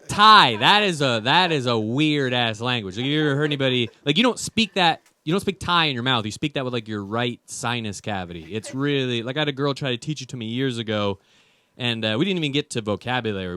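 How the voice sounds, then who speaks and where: Brief: male stand-up comic, clear and bright-toned, rambles with lots of fillers. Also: medium pitch, animated, a little fast. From United States. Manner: rambling, self-deprecating, with many fillers. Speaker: stand-up comedian. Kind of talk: stand-up comedy set.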